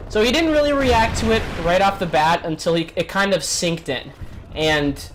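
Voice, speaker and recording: A man in his twenties telling a story to his viewers in an animated, chatty vlog style. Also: high voice, normal speed, noisy background. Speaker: vlogger.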